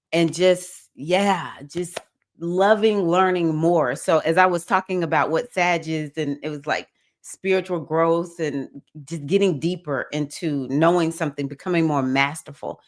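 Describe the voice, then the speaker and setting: Enthusiastic woman hosting a livestream. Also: sits low. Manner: enthusiastic, cheering viewers with whoops; reads viewer comments aloud. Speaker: livestream host. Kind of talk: casual livestream chat.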